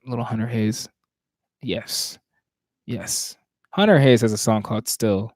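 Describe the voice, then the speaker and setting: A spoken word poet with a Southern accent chats between pieces in a mellow, relaxed voice of middle pitch. He talks in a searching, reflective way, breaking off and restarting his thoughts. The sound is dry and close, with little room around it. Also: gravelly, dry recording. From Virginia, USA. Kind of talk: casual livestream chat between poems. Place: home, at night.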